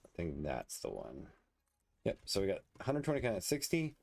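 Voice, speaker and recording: Low gravelly man thinking aloud. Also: wildly swooping pitch, normal speed, darkish tone. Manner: muttering, thinking aloud while building. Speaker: let's play host. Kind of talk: casual gameplay commentary.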